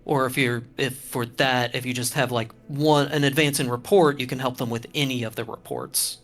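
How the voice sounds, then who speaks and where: A man runs a tabletop role-playing session, reasoning through the rules out loud. He hesitates and restarts his sentences as he works things out, in a mid-pitched, everyday voice. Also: fairly even intonation, normal speed, faint music behind. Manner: thinks aloud, hesitant restarts over rules. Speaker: game master. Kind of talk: running a tabletop game.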